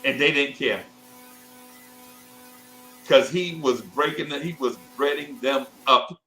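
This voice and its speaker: A show host in his fifties speaks slowly in a mid-range voice, with a little hiss or hum on a rough recording. His casual childhood story rambles, and he animatedly takes on other people's voices in quotes, with restarts and asides.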